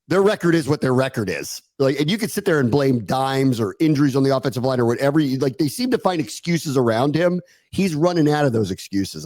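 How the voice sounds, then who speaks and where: A man co-hosting a sports podcast, animated and sarcastic, laughing often in casual talk. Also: medium pitch, no room sound. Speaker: podcast co-host.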